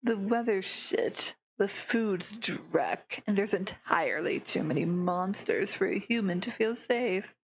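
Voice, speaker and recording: A woman's voice: mid-range voice, animated, slow pace, hardly any pauses, breathy edge, exaggerated voice. A woman voicing a languid, sneering young male monster, drawling every line with derision while reading a visual novel aloud. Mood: derisive.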